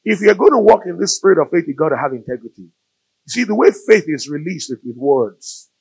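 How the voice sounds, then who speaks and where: Nigerian male pastor, sermon delivery, gravelly and husky, very animated pitch, dry sound. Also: fairly quick, dry recording, low-quality recording. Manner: animated storytelling, rising to loud emphatic peaks. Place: church or studio.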